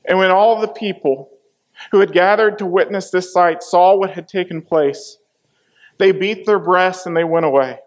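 A man's voice: high-pitched, moderate pace. A man preaching a sermon, dramatically retelling a scripture passage and acting out the voices in it. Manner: dramatic, acts out the quoted voices.

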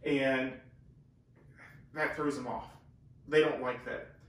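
A man's voice: mid-range voice, steady tone, slow pace. A man teaching the Bible in a casual, earnest way, explaining and leaning hard on key words. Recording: very echoey room, far from the mic.

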